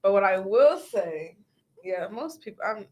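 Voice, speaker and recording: A woman co-hosting a casual talk show, blunt and quick to ask questions. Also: mid-range voice, big pitch swings, darkish tone. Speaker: podcast co-host. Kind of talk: casual chat.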